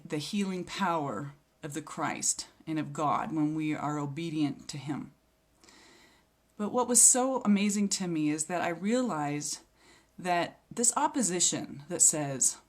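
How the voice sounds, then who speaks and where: Woman, lower-pitched, earnest testimony speaker, reflective and sincere. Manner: earnest and reflective, with occasional hesitations. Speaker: speaker sharing a healing testimony. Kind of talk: personal faith testimony.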